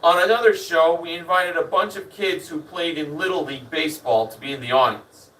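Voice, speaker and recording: Bright-voiced man reading a memoir. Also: a little high, brisk, far from the mic, rough recording. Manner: lively storyteller, animated in the punchlines. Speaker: reader. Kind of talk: first-person memoir reading.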